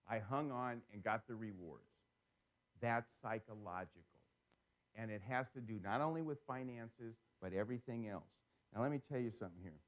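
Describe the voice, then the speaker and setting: Animated man giving a live seminar talk. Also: fairly low pitch, muffled recording. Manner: animated storytelling, asks the audience questions. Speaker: seminar speaker. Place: seminar room before a live audience.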